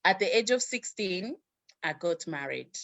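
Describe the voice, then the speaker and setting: A woman's voice: fairly low pitch, animated, unhurried, a bit bright. A woman guest telling her life story in conversation, acting out the voices of the people in it. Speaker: interview guest.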